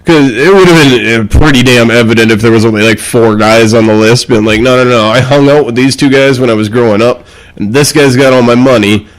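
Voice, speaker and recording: A man's voice: medium pitch, fairly quick, low-quality recording. A man co-hosting a podcast in casual banter, rambling, laughing often and acting out quotes. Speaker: podcast co-host.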